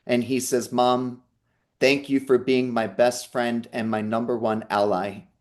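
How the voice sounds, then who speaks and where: A man giving a live online psychic reading speaks in a flat, unhurried, mid-range voice. Over video call, he earnestly passes along messages and reassures the person listening.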